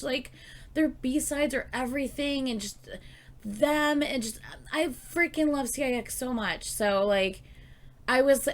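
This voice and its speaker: A woman with a slightly high voice talks through her reaction to new music in loose, chatty commentary. She gushes and gets excited, with plenty of fillers and a few swear words. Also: measured pace. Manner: gushing, excitable, swears freely; chatty filler-heavy talk with many "like"s. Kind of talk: casual album reaction commentary.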